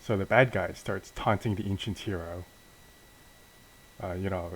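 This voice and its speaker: Hesitant, low-voiced young man. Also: normal speed, poor audio. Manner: hesitant, self-deprecating, many restarts. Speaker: channel host narrating a wrestling sim. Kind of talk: casual game narration.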